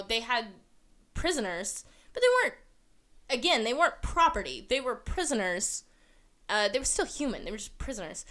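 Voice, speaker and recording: A woman hosting a podcast, talking through her views in an earnest, conversational way. Her voice is bright and crisp, with a clean, smooth tone. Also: a little high. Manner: earnest, explanatory, lots of fillers. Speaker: podcast host. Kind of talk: casual commentary.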